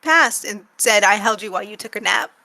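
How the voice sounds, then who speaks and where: A woman co-hosting a cartoon recap podcast, chatting casually and acting out characters' lines with animated energy. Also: medium pitch. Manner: animated, acts out characters' lines in quick bursts. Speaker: podcast co-host. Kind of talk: casual chat.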